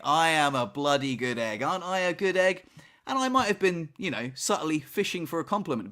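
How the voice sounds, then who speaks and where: Animated man telling a story, high voice. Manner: animated storytelling, many "you know" and "right?" asides. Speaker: podcast co-host. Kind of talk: casual chat.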